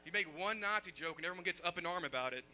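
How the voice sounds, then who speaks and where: A man's voice: high-pitched, lively intonation, very fast, background noise. A man from Germany doing a sarcastic, exasperated stand-up set on a comedy club stage, talking into a handheld mic. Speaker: stand-up comic.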